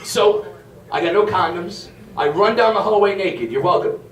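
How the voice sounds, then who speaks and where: A man performing stand-up with a brash, foul-mouthed storytelling manner. His voice sits high for a man. The sound is roomy and a little distant from the mic. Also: normal speed. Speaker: stand-up comedian. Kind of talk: stand-up comedy set. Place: comedy club stage.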